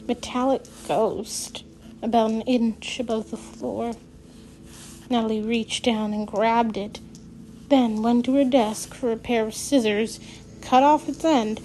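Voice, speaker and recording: Slow, unhurried woman reading aloud. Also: a little high, mellow, slight background noise, rough recording. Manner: unhurried, stumbles and rereads phrases. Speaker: reader.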